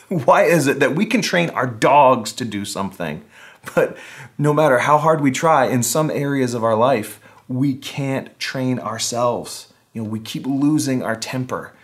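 A man's voice: medium pitch, expressive, a little slow. A man preaching a casual, conversational sermon online, with wry humor, acting out the voices he quotes. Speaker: pastor.

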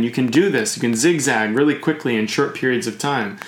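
A man's voice: medium pitch, expressive, a little fast, hardly any pauses, echoey room, slight background noise. A man talking casually and at length, full of fillers and restarts, explaining things through sailing comparisons. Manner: rambling, uses sailing comparisons, many fillers. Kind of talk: casual podcast chat.

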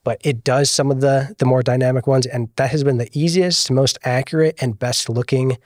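A man, a guest video producer, explaining things in a relaxed podcast chat with frequent filler words. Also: medium pitch, moderate pace, no echo, clean studio sound. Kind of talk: casual podcast interview.

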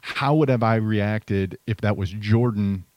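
A man's voice: fairly low pitch, unhurried, a little mellow. A middle-aged man chatting casually as a podcast co-host and telling stories, often trailing off and restarting. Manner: conversational, storytelling, trails off and restarts. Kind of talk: casual chat.

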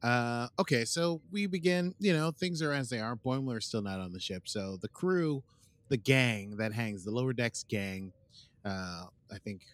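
A man's voice: medium pitch, moderate pace, no room sound. A man co-hosting a podcast, joking dryly in casual chat and recapping an episode's plot. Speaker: podcast co-host.

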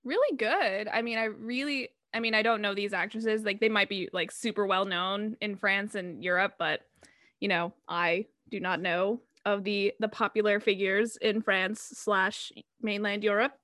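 A young woman co-hosting a podcast in casual chat, animated and laughing, acting out her own reactions. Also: medium pitch, normal speed, no room sound, clean studio sound. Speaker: podcast co-host.

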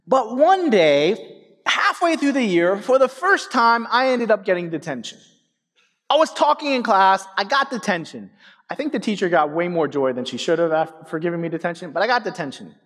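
A man's voice: high-pitched, lively intonation, moderate pace, fairly bright tone. A man in his thirties preaching a sermon as pastor, telling stories animatedly and speaking directly to the congregation. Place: church sanctuary. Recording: hall reverb.

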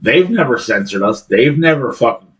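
A man co-hosts a casual podcast, adding dry, blunt asides that are often profane. His voice sits at a middle pitch for a man. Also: lively intonation, moderate pace. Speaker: podcast co-host. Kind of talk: casual chat.

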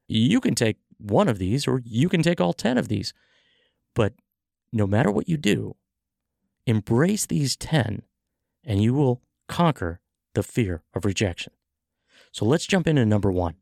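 A man with a gravelly, textured voice talks in an animated way, his pitch swinging up and down as he acts out conversations and coaches his listeners. The sound is close and dry, with no room around it. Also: unhurried, pauses often, no room sound. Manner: animated storytelling, acting out dialogue. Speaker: podcast host, sales coach. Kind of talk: motivational podcast talk.

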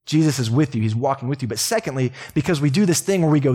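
A young adult man with a Texan accent, preaching a sermon as pastor in a relaxed, joking, conversational way. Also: mid-range voice, quick pace, husky. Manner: casual, joking, conversational preaching with laughs and asides. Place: church sanctuary.

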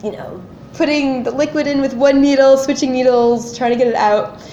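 A woman co-hosting a casual chat, telling her story with animated, acted-out panic. Her voice sits a little high. The sound is dull and lo-fi, in an echoey room. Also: normal speed, slight background noise. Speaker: podcast co-host.

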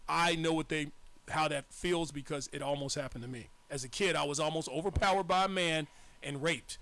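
Gravelly guy from arkansas on talk radio, kinda high and bright, tells it straight. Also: a little fast. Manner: candid, emphatic storytelling. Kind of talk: casual chat.

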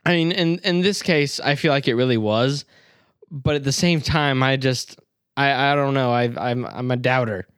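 A man in a casual movie chat, recapping scenes excitedly, swearing, and calling himself a doubter. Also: medium pitch, normal speed, clear, resonant tone, no echo, clean studio sound.

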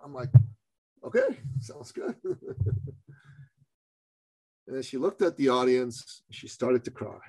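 A man telling a personal business story as a podcast guest, animated and acting out the lines of people he quotes. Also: medium pitch, a little slow, pauses often, no room sound. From Canada.

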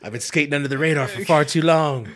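A man's voice: fairly high pitch, fast, fairly bright tone. A young man on a podcast, casually telling a long profane story with laughing fits. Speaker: podcast host. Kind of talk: casual chat.

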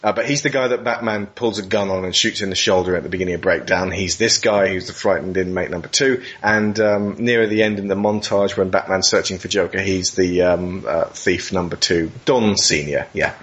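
A man hosts a casual podcast interview in a lowish voice. He is relaxed and leans on fillers as he goes. The sound is dull and lo-fi. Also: brisk, few pauses. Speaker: podcast host.

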